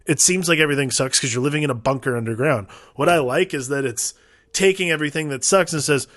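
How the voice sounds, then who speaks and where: A man's voice: fairly high pitch, a bit bright, no echo, studio quality. A man co-hosting a film podcast, chatting casually and rambling with lots of "like" as he works his way toward each point. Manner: rambling, many "like" fillers, quick agreeing replies. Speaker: podcast co-host.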